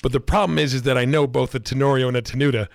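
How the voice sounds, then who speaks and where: A man's voice: medium pitch, fairly even intonation, racing, gravelly, dry recording, studio quality. A man co-hosting a talk radio show, talking animatedly and incredulously, stammering and restarting. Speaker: radio co-host.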